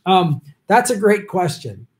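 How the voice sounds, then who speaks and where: A man's voice: high voice, big pitch swings, unhurried, slight background noise. Guy on a livestream reading viewer questions, lots of ums, rambly and jokey. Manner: rambling, many ums, chuckles, jokey asides. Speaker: show host answering viewer questions. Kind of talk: casual livestream chat.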